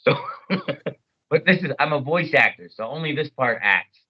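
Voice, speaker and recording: A man, a voice actor, chatting as an interview guest and telling stories in an animated way. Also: fairly high pitch, moderate pace, highs cut off. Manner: animated, storytelling, jumps into character voices. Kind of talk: casual interview chat.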